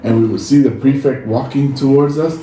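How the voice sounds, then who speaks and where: Fairly quick and mid-range, a man's voice carries a casual storytelling chat on a podcast he co-hosts. Originally from Samoa with Samoan as his first language, he brings quoted lines to life with animated delivery. The sound is echoey, from a distant mic, with faint noise.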